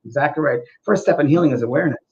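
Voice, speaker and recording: A man's voice: on the high side, racing, over a noisy crowd. A male co-host speaking in an earnest, storytelling way, repeating his points for emphasis in a casual spiritual talk show. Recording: dull, lo-fi sound.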